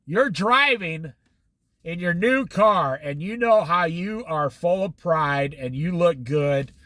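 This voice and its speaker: A man's voice: high-pitched, no room sound. A man giving a casual Bible study talk, acting out little dialogues between people and God. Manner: animated, acts out little dialogues. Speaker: Bible teacher. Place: Oregon coast.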